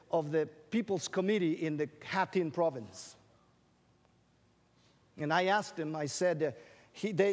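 A man preaching a sermon to an audience, drawing out scripture phrases for emphasis and tossing in questions and jokes. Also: sits high. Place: large hall with an audience. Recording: long reverb of a large hall.

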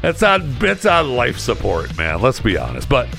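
A man filling in as a talk radio host, telling stories in an animated way and chuckling often. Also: medium pitch, normal speed, gravelly, soft background music.

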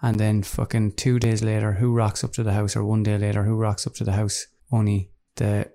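A man co-hosting a casual true-crime chat, explaining his theory in a steady, matter-of-fact way. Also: lowish voice, brisk, vocal fry. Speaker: podcast co-host.

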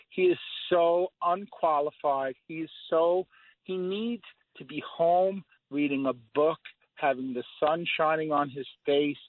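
A man's voice: fairly high pitch, dry recording. A middle-aged man calling in to a radio talk show, ranting emphatically and repeating himself for effect. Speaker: caller. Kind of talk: call-in radio opinion. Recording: phone line.

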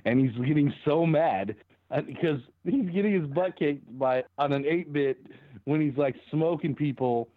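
A man's voice: on the high side, a little slow, no echo. A man co-hosting a podcast in casual chat, laughing through his stories. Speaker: podcast co-host. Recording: tinny phone-like line.

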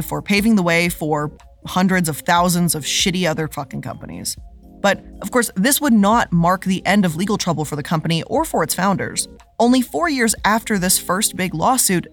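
A woman hosting a scripted show, narrating with a sarcastic, lively delivery. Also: medium pitch. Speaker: host.

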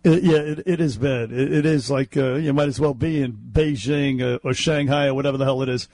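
A man co-hosting talk radio, speaking haltingly with frequent hesitations and chiming in agreement. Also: medium pitch, darkish tone, dry recording. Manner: hesitant, many fillers and restarts, agreeable. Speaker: radio talk show co-host. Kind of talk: casual talk radio banter.

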